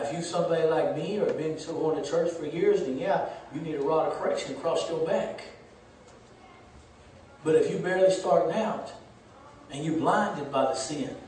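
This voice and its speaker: A man preaching a sermon as pastor. He swings from loud, shouted lines to hushed, almost whispered passages. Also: high-pitched, slight background noise. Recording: echoey church room, distant mic.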